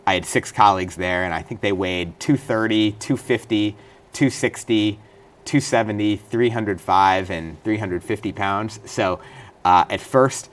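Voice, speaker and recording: A man's voice: on the low side, fairly even intonation, unhurried. A middle-aged man, a guest in a studio interview, telling detailed stories earnestly with occasional restarts. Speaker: interview guest, former state senator and prisoner.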